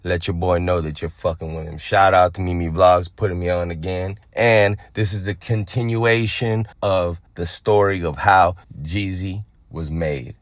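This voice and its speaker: A young man with a very low, deep voice tells a rough street story straight into the mic. He swears a lot and acts out what everyone said. The sound is dry and close, with no room echo. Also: measured pace, hardly any pauses. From Phoenix, Arizona. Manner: profane, animated, acts out other people's lines. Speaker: storyteller on a vlog channel.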